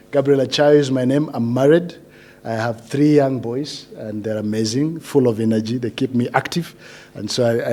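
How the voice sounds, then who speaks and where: A man, a coach, speaks informally to a room of graduates. He talks in a chatty, animated way and keeps putting questions to the audience. His voice sits at an ordinary male pitch.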